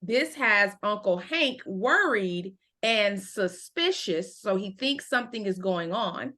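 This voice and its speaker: A woman's voice: mid-range voice, lively intonation, sharp tone. Woman reading aloud and explaining to learners. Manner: slow, clear teacher explanations with check-ins. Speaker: ESL book club teacher.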